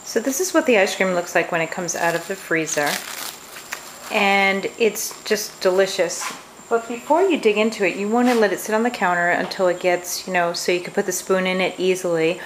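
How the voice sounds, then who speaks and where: A middle-aged woman chatting her way through a home cooking demonstration in her kitchen, homey and relaxed, often saying "you know". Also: fairly low pitch, slight background noise, poor audio. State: talking with mouth full at times. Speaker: home cook demonstrating a recipe.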